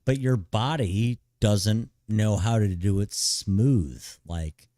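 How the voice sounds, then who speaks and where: A man's voice: fairly low pitch, takes it slowly, dark tone, dry recording, clean studio sound. A middle-aged man streaming live, giving blunt, profane big-brother advice in a laid-back way and saying "dude" constantly. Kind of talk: casual live-stream chat.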